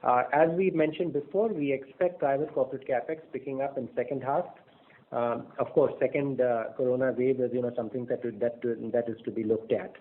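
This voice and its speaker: A man's voice: mid-range voice, fairly even intonation. Man on a tinny conference line. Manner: measured, with frequent fillers and restarts. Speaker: bank executive on an earnings call. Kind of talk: business presentation on a conference call. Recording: phone-line audio.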